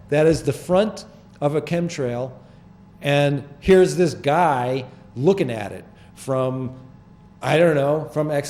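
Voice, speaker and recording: An older man hosting a small public-access TV show, explaining his photographs in halting, rambling, earnest talk from the studio. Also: medium pitch, darkish tone, slight background noise. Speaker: show host presenting his sky photographs.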